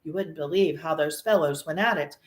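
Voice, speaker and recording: A woman's voice: sits low, a little fast. Woman reading a classic tale aloud, echoey room. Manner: expressive, animated storytelling. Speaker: reader. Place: room in an old mansion.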